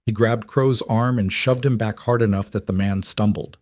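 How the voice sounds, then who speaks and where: A man narrating a western story in a brisk, dramatic style. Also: on the low side, steady tone, darkish tone, no echo, studio quality.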